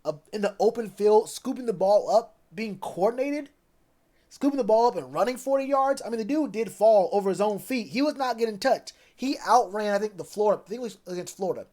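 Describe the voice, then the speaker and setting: A man's voice: high voice, expressive, fairly quick, darkish tone. A man chatting loosely on a live stream about football, rambling with plenty of fillers. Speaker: sports streamer. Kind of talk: casual live stream chat.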